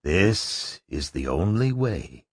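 A man's voice: low voice, very animated, slow pace, husky, no room sound, studio quality, heavily acted. A man voicing a tense, commanding director who speaks curtly and sharply, in a storybook reading. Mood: grim.

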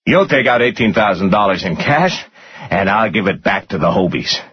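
A man's voice: on the low side, lively intonation, normal speed, slight background noise, natural voice. A man voicing a hard, menacing tough man who speaks bluntly and coldly. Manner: cold, blunt, threatening. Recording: muffled lo-fi audio.

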